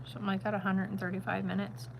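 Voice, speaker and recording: A woman's voice: mid-range voice, flat delivery, racing, creaky, noisy background. A middle-aged woman who is a grandmother, chatting casually and emphatically on a home vlog. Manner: rambling, emphatic, opinionated. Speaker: vlogger and grandmother. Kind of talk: casual chat.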